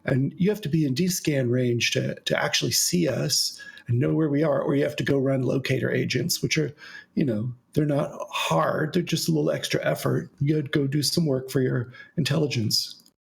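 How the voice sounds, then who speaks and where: Gravelly-voiced man hosting a podcast. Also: medium pitch, moderate pace. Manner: relaxed storytelling with frequent fillers. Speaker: podcast host. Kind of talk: casual podcast chat.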